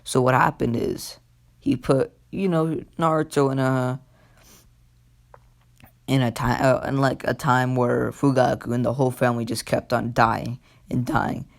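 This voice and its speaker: A man with a gravelly, middle-pitched voice retells a fan what-if story. He rambles and halts, with lots of fillers along the way. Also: little pitch movement. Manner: rambling, halting, full of fillers. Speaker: YouTube storyteller.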